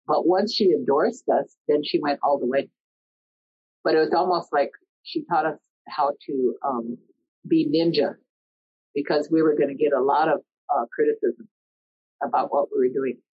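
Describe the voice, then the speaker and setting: A middle-aged woman telling a personal story in an earnest, conversational way, often pausing mid-sentence. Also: low voice, husky. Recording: dull lo-fi recording.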